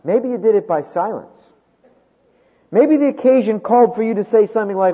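A man preaching a sermon, with dramatic swings from loud emphasis to hushed tones. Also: sits high, sing-song, brisk, husky. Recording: tinny phone-like sound with long hall reverb.

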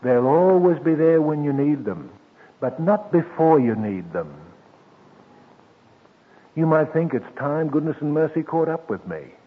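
A man preaching a sermon, slow and emphatic, dropping soft and then lifting his voice again. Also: a little high, animated, husky. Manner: slow, emphatic, with soft drops and sudden lifts. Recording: tinny old radio broadcast with long reverb.

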